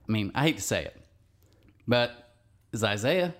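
Man, earnest, emphatic, animated pitch, casual chat. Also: moderate pace. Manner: earnest, emphatic, jumps into big pitch swings. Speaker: podcast co-host.

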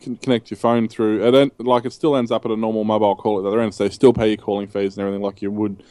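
A man's voice: on the low side, flat delivery, racing, warm tone, dry recording. An Australian man co-hosting a casual chat, telling rambling anecdotes full of ums and restarts. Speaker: co-host.

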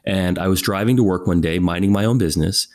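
A man recounts his career in a relaxed interview. His voice sits a little low, and he animates the story by acting out the voices of the people he quotes. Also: quick pace. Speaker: guest.

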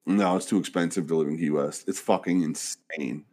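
A man's voice: a bass voice, fairly even intonation, moderate pace, dark tone. An American man co-hosting a casual podcast, blunt and sarcastic with heavy swearing. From United States.

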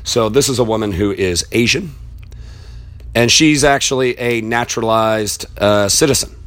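Man, mid-pitched, ranting at his computer: blunt, angry, swears freely, wanders off mid-thought. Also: normal speed, a bit bright. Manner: rambling aside while searching online. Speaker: political commentator. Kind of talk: profane political rant.

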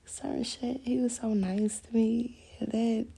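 Candid, profane woman with a gravelly voice. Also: on the high side, little pitch movement, unhurried, warm tone. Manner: candid, profane, laughs often; rambling storytelling. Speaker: podcast host. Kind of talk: casual monologue.

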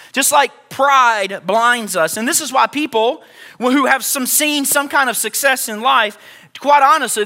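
Male pastor, very high bright voice, emphatic repeated phrases, talks to the congregation. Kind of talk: sermon.

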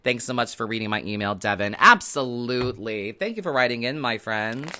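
A man's voice: medium pitch, a little fast, pushed and bright, a little hiss or hum. A man hosting a show, giving a casual, rambling tarot reading to viewers with the odd swear word. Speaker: host and tarot reader.

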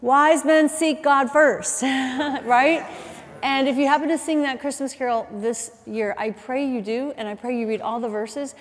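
Woman preacher, middle-aged, somewhat high voice, chatty storytelling, long hall reverb. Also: normal speed. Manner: chatty, animated storytelling with asides and self-corrections. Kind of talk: sermon. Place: church auditorium.

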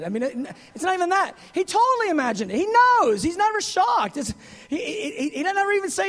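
A man preaching a sermon in an animated, conversational way, with frequent asides and acted quotes. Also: extremely high pitch, fast.

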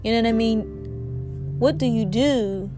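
A woman's voice: a little high, slow pace, over music. A woman hosting a faith talk show, sounding a little sick and speaking earnestly and conversationally. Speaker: podcast host.

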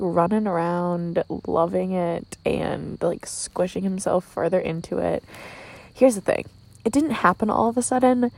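Speaking from inside a tent outdoors at night, with crickets in the background, a young woman from Minnesota tells a casual, giggly vlog story. Her mid-range voice is creaky and darkish in tone, and she leans heavily on "like" and "um."

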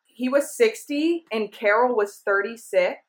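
A woman's voice: a little high, unhurried. A young woman co-hosting a casual podcast, telling a true crime story from her notes with chatty asides and giggles. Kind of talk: casual chat.

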